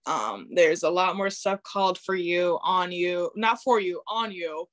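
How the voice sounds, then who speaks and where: A teenage girl, a high school basketball player, answering interview questions candidly and laughing as she acts out her thoughts on the court. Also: lively intonation, unhurried, no room sound. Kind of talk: casual interview.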